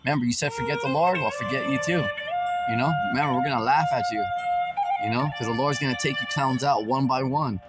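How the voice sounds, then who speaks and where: A man's voice: medium pitch, fast talker. Mocking, profane preaching man. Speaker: street preacher. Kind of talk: ranting religious commentary. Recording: loud background music.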